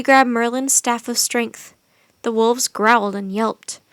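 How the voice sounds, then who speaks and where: A woman reading a children's chapter book aloud as a storyteller, steady and expressive. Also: fairly high pitch, slow pace, clear, resonant tone, no room sound.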